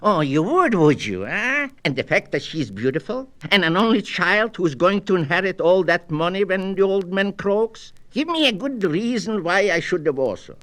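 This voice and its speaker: A fretful, whining husband, put on by a man reading a story aloud. He pleads and protests in a raised, animated voice that swoops up and down with indignation. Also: sits high, normal speed, hardly any pauses, pitched above the performer's own voice. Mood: agitated. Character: fretful, whining married man seeking advice.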